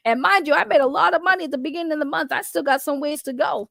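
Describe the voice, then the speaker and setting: High pitched lady ranting on her stream, blunt, laughs a lot, super dry sound. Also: fast talker, creaky, few pauses, fairly bright tone, no room sound. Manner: rambling, blunt, swears casually, laughs often. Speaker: online commentator. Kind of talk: casual livestream commentary.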